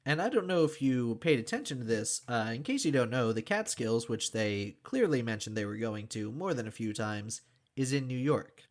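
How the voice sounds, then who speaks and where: A man's voice: medium pitch, animated, normal speed. A man co-hosting a podcast, casually recapping a film's plot with plenty of filler words. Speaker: podcast co-host. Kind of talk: casual chat.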